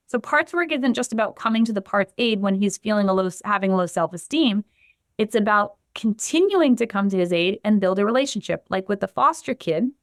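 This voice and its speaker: Expressive woman explaining to a host. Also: medium pitch, dry recording, studio quality. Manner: animated, acts out the quotes she gives. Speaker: guest, somatic trauma practitioner. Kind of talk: explanatory podcast conversation.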